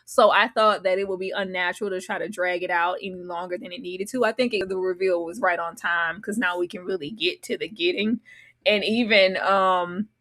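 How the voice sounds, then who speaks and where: Animated woman guest, slangy and dramatic. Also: lowish voice, a little fast. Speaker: guest co-host. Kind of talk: live episode discussion.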